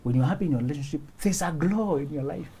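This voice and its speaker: Husky, lively man giving relationship advice. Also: fairly high pitch, fast. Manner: laughs often, acts out little scenes; preachy, repeats points for emphasis. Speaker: relationship talk show host. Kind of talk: studio advice talk.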